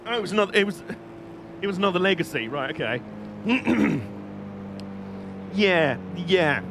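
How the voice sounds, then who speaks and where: With a high, animated voice at moderate speed, a British streamer plays a racing game amid background noise. He jokes and chats casually with viewers as he drives, reading their messages out loud.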